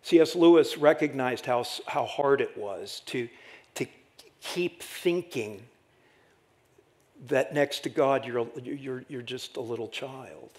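A middle-aged man preaching a sermon as pastor, animated and rhetorical, often tagging lines with "right?". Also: mid-range voice, takes it slowly. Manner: animated, rhetorical "right?" asides, dramatic acted quotes.

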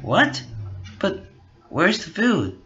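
Man doing a kindly young prince, slightly raised, slow, lo-fi sound. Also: high voice, huge pitch swings, bright, forceful tone, voice pushed up, heavily acted. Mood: puzzled. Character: young prince, gentle and hungry. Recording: dull lo-fi recording.

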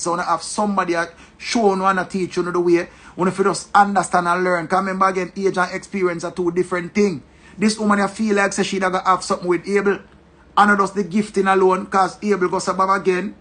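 A man with a Jamaican accent giving animated, joking commentary and repeating his phrases. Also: high-pitched, husky. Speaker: social media commentator. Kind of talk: casual commentary.

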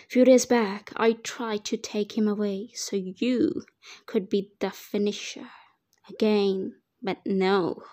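A woman voicing a ruthless male crime boss who taunts slowly in a fan fiction audiobook reading. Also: medium pitch, mellow, lightly acted.

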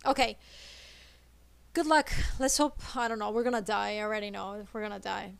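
A woman streaming a co-op game, chattering nervously and excitedly as she plays. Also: mid-range voice, normal speed, creaky, clean tone, dry recording. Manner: excitable, nervous, switches between English and Italian. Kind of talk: live gameplay chatter.

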